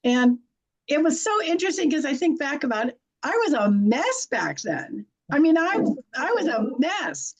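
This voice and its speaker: A woman's voice: high-pitched, a little mellow, poor audio. A middle-aged woman telling stories in a blunt, folksy way, laughing often as she talks. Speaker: guest, intuitive and animal communicator. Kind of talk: conversational storytelling.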